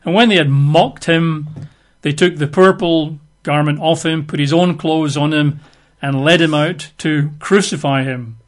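Fairly high-voiced conversational male preacher. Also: fairly even intonation, measured pace. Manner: explains the text with casual asides. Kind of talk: conversational Bible-teaching sermon.

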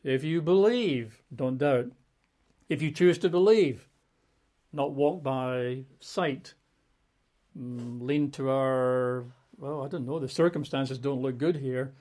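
A man's voice: mid-range voice, expressive, measured pace, darkish tone. A man preaching a Bible-teaching sermon in a conversational way, leaning hard on key words. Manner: conversational, emphatic on key words, plays out quotes.

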